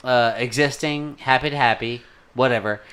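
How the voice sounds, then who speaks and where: A man's voice: mid-range voice, steady tone, moderate pace, a bit bright, smooth. A man co-hosting a podcast, recapping a film in casual chat, rambling and swearing a lot. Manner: profane, rambling, talks with his hands. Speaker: podcast co-host. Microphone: desk microphone.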